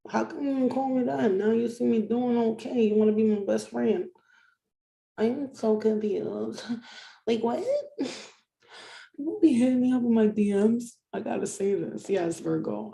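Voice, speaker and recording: A woman's voice: on the high side, vocal fry, mellow. A woman in a casual ranting monologue, blunt and heavily profane, firing off rhetorical questions. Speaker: spiritual reader, vlogger. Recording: echoey room.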